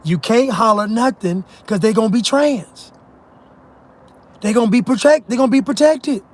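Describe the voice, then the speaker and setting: High-voiced man in a mocking rant. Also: normal speed. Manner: emphatic, mocking, laughs at his own points. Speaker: commentator. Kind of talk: ranting monologue.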